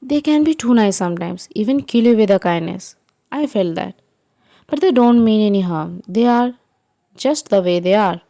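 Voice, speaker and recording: A woman voicing a calm, reassuring young man speaking softly to his partner. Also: mid-range voice, normal speed, vocal fry. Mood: gentle.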